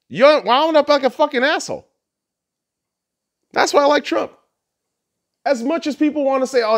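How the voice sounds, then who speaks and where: A man hosting a podcast, ranting bluntly and crudely, mocking his listeners and laughing at his own jokes. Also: very high voice. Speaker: podcast host. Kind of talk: profane solo rant.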